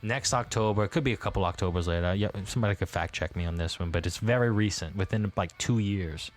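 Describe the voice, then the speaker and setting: A man's voice: sits low, fast talker, soft background music. A man from Louisiana, a guest historian, telling a local legend in a casual, rambling and profane way, with many restarts. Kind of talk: casual storytelling.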